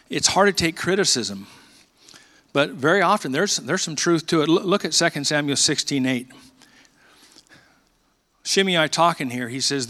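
A man in his sixties preaches from a church pulpit with a bright, forceful voice pitched a little high. He talks fast and excitedly, then slows right down to read scripture. The sound rings with the long reverb of a large church hall. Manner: quick, animated talker who slows down for scripture readings. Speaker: pastor. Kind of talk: sermon. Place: church sanctuary.

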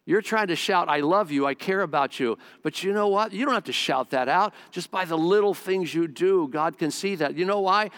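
An older male pastor delivers a heartfelt sermon built on personal stories. His voice is smooth and resonant and sits slightly high for a man. A long reverb trails each phrase, as in a large sanctuary. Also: normal speed, hardly any pauses, a bit bright. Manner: earnest storytelling, repeats words when emphatic. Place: church sanctuary.

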